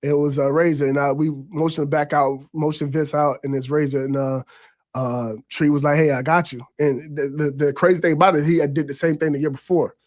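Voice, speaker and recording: A man in his thirties, a former quarterback, telling game stories in casual sports talk, repeating words as he goes and jumping high in pitch when he quotes others. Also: flat delivery, fairly quick, darkish tone. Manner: repeats words while gathering thoughts.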